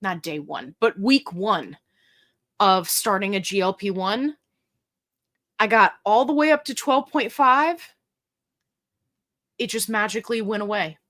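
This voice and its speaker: A woman's voice: mid-range voice, lively intonation, a little slow, pauses often, a bit bright. A middle-aged woman hosting a casual livestream, chatty and jokey as she reads viewer comments aloud. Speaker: livestream host.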